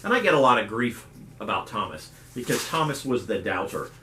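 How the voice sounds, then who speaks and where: A man's voice: mid-range voice, brisk, a little hiss or hum. A middle-aged man, a youth pastor hosting a casual devotional talk, telling folksy stories and acting out voices. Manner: folksy storyteller, animated quoted voices. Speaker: youth pastor and video host. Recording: roomy echo.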